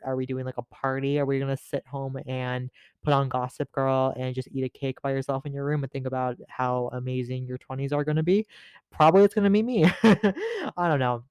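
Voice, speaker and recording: Teen guy podcast host, super casual, swears a lot, says like constantly, smooth voice, dry close mic. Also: mid-range voice, a little mellow, dry recording, highs cut off. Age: late teens. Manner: rambling, profane, filler-heavy, giggly. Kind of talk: casual solo podcast chat.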